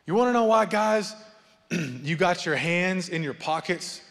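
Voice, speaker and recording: A man preaches in a large sanctuary, his fairly high voice climbing in loud, repeated appeals and then dropping to a hush. He jokes with the congregation between points. The sound carries a long hall reverb. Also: a little slow. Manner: animated preaching, rising loud then dropping soft, joking asides. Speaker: pastor. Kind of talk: sermon. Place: church sanctuary.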